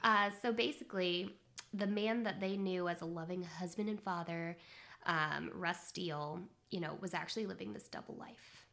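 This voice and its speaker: Giggly chatty woman, gravelly edge. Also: lowish voice, moderate pace, a bit bright. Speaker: podcast co-host. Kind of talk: casual book chat.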